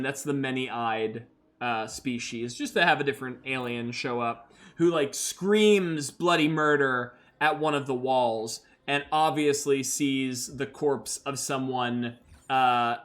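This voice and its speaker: A man's voice: medium pitch, a bit bright. Chatty man narrating a solo tabletop game. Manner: loose, chatty, laughs at his own dice rolls. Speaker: game master and host.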